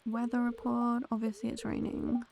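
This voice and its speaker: A woman's voice: on the high side, monotone, moderate pace, gravelly, background noise. A young woman streaming a game, chatting casually and thanking viewers by name as she plays. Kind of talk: casual live-stream chat.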